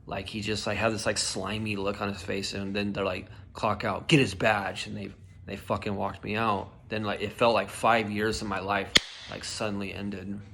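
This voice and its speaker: A man's voice: on the low side, little pitch movement, moderate pace, gravelly, fairly bright tone, a little hiss or hum. A young man telling a personal story in a casual vlog, heated and emotional, swearing a lot and filling with "like" and "dude", his voice shaking. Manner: heated, swears often, many likes and dudes. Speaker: vlogger.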